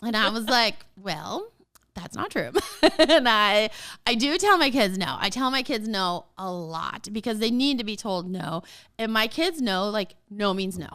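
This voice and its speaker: A woman in her forties hosting a casual podcast, talking straight to parents in an animated, emphatic way and often laughing. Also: medium pitch, a little slow. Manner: talks straight to listeners as a parent. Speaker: podcast host.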